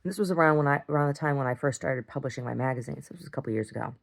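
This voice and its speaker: Middle-aged woman, deep voice, casual video-diary storyteller, rambling and blunt. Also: racing, creaky. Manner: rambling, repeats words and restarts, swears when heated. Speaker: video diarist.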